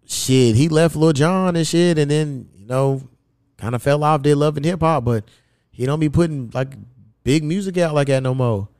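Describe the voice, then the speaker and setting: A young man from hosting a podcast, telling loose, profane stories in casual chat and jumping his pitch high when he quotes someone. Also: moderate pace, a little mellow, smooth, dry recording, studio quality. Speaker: podcast host.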